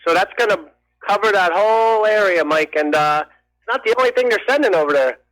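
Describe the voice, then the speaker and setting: A man's voice: sits high, fairly quick, fairly bright tone. A man from New Jersey calling in to a radio show, chatting and speculating. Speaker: radio caller. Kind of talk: phone-in call. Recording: tinny phone line.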